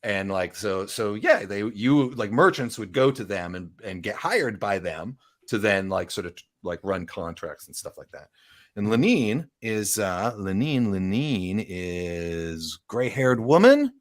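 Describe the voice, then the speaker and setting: A man's voice: fairly low pitch, very animated, measured pace. A man narrating as game master, rambling with many fillers and asides. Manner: rambling, lots of fillers and "right?".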